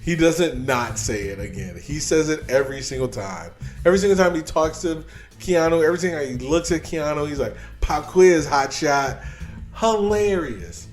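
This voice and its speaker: A man co-hosting a casual movie review podcast, relaxed, trailing off into quiet asides. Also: a little high, normal speed. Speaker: podcast co-host.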